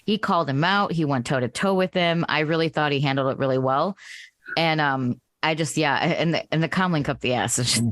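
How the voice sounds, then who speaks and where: A woman's voice: sits low, brisk, no echo, studio quality. A woman co-hosting a podcast, talking in a blunt, profane ranting way in casual chat. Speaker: podcast co-host.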